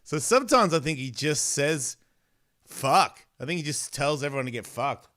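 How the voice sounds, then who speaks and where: A man's voice: a little high, animated, fairly quick, a bit bright. A man hosting a podcast in casual chat, rambling and swearing, often losing his thread. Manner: rambling, distracted and profane, loses his thread. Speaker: podcast host.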